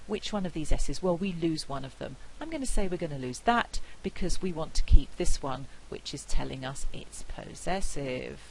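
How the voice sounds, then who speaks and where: A woman with a non-rhotic British accent giving a university phonetics lecture, clear and deliberate, slowing down to demonstrate sounds. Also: deep voice, darkish tone, slight background noise, low-quality recording. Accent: non-rhotic British English.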